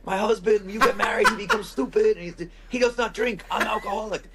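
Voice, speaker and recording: A man voicing a tipsy, loud Korean wife who curses her husband in broken English with a Korean accent. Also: medium pitch, a little fast, very noisy, voice pushed up, natural voice. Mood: tipsy mocking. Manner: broken English, blunt shouty jabs. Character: drunk loud Korean wife, cursing and laughing.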